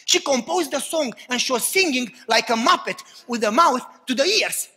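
Guy preaching hard, bright husky voice, big echoey hall, goes from shouting to almost whispering. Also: very high voice, animated, moderate pace. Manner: impassioned preaching, swings from shouts to hushed tones. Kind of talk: sermon.

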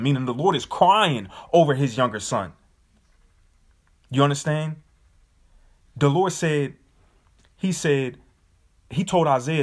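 A man's voice: mid-range voice, lively intonation, normal speed, breathy edge. A man leading a Bible study, speaking emphatically and casually and often asking his listeners whether they understand. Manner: emphatic, casual, with repeated rhetorical questions.

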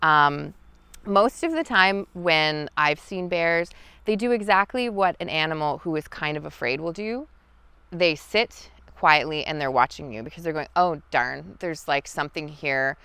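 A woman guiding an outdoor lesson in the forest, talking in a relaxed, chatty way with many fillers. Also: deep voice, measured pace, clear, resonant tone, no room sound. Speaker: wild food guide. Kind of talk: outdoor teaching talk.

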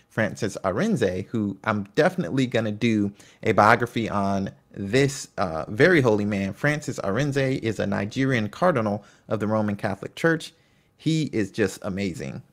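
A history video host with a medium-pitched voice and vocal fry reads from his notes. He regularly breaks off into enthusiastic chatter and sometimes fumbles names.

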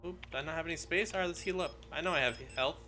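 A man's voice: fairly high pitch, racing, bright, forceful tone, soft background music. A man playing a horror game and commenting as he goes, joking and yelping when startled, and reading in-game notes aloud at a desk microphone. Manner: jokey, jumpy, yelps when startled. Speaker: let's play gamer. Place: home room.

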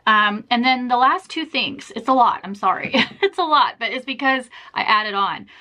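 A woman's voice: on the high side, expressive, normal speed, sharp tone. A young woman vlogging to camera in a chatty, self-deprecating way, laughing often. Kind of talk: casual chat to camera.

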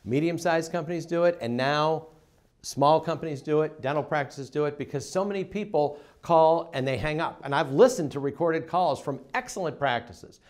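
A middle-aged man giving a seminar talk to dental office staff, emphatic and acting out phone calls in quick voice changes. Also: a little high. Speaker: dental practice consultant.

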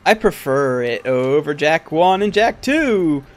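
A man with a fairly high voice chats slowly and easily on a game stream. He banters in a relaxed way and laughs often. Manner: laughing, unhurried, chatty. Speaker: streamer co-host. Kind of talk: casual gaming chat.

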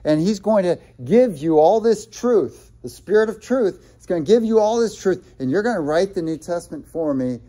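Jesus, as a man puts him on talks to his disciples in a casual, everyday way and reassures them. The voice sits somewhat high and is mellow, never grand. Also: expressive, normal speed, few pauses. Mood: reassuring.

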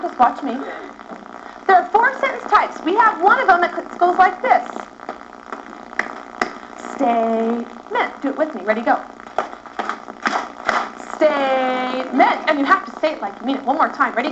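A woman teacher leading a class through rhythmic chanting, energetic and coaxing, recorded in a school classroom. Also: high voice. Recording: dull lo-fi phone video with loud classroom noise. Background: children and classroom noise.

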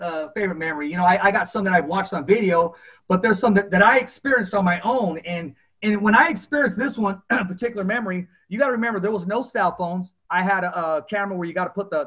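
A man hosting a boxing talk show, reading a listener's memory and telling a story from ringside with animated acted-out quotes. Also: high voice. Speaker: podcast host. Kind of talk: storytelling in casual interview.

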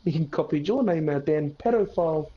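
High-voiced young man, crude gaming banter. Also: lively intonation, fairly quick, lo-fi sound. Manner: crude teasing, laughs often, swears. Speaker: gamer on a livestream. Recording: clear background noise.

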